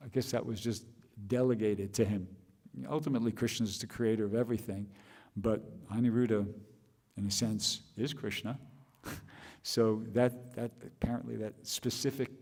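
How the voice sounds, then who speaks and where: A man's voice: on the low side, vocal fry, darkish tone, in a large hall. A man giving a scripture class, thinking aloud with restarts and rhetorical questions.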